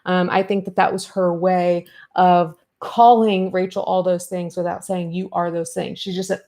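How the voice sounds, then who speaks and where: A woman hosting a commentary podcast, retelling an online feud in an animated, fired-up way and acting out the exchanges. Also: fairly low pitch, moderate pace, hardly any pauses. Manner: animated, fired-up retelling with quoted back-and-forth. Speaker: podcast host.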